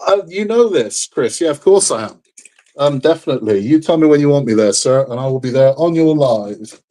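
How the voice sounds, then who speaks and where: A man's voice: mid-range voice, brisk, warm tone. A man hosting a live model-building stream, chatting casually and frankly, rambling and repeating himself, tired and under the weather. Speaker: livestream host building a model kit.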